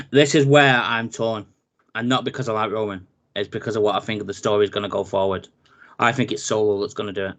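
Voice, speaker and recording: A man, co-hosting a casual wrestling chat, running through a match card with animated, jokey asides. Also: on the low side, brisk. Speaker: podcast co-host.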